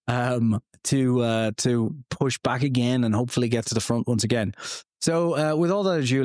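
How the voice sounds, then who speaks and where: A man talking casually through a solo podcast from a tiny home studio. He rambles, trips over words and laughs at his own slips, filling gaps with plenty of ums and uhs. His voice sits at a middling pitch and sounds dry and close to the mic. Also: a little mellow, clear, resonant tone, dry recording. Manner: rambling and self-deprecating, many fillers. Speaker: podcast host.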